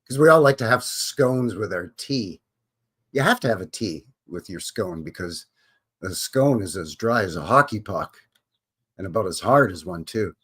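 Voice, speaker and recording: A man's voice: lowish voice, animated, moderate pace, fairly bright tone, slightly rough. A man in his fifties hosting a live stream, chatting in a loose, joking, rambling way. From Canada. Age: 50s. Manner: joking, rambling, drops into silly voices. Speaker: host. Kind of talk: casual live-stream chat.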